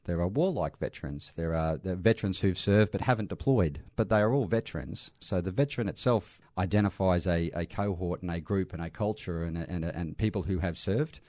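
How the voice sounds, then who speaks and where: A man's voice: low-pitched, a little fast, few pauses, a little mellow, dry recording, clean studio sound. A middle-aged Australian man, an army veteran working in aged care, telling earnest stories in an interview with restarts. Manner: earnest, anecdotal, with frequent restarts and light laughs. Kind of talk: conversational interview storytelling.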